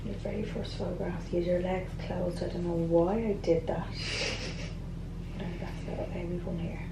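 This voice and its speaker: A woman giving a casual consultation in a clinic, reassuring and quick, often repeating herself. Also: fairly low pitch, little pitch movement. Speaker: clinic practitioner. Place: clinic treatment room. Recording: roomy, distant mic, faint noise.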